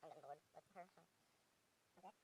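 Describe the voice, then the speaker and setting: Fast-talking woman telling ghost stories. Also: deep voice, noisy background. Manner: fast, laughing and sweary.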